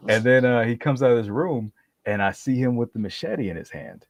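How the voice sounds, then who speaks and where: A man's voice: mid-range voice, fairly quick, no room sound. A man hosting a podcast, telling a story in casual chat, laughing often and acting out what people said. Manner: animated, laughs often, acts out quoted voices. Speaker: podcast host.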